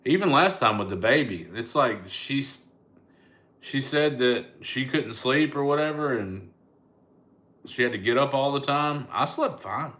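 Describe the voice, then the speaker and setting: A comedian and online host from Alabama chats casually on a live stream, answering comments in a Southern accent. His mid-range voice is expressive and fairly bright, his pace unhurried, and his manner joking, laid-back and teasing.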